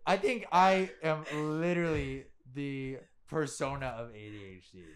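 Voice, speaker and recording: A woman's voice: deep voice, animated, normal speed, crowd noise. A woman co-hosting a casual podcast, teasing her siblings with dry jokes. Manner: teasing, jokey. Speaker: podcast co-host. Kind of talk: casual chat.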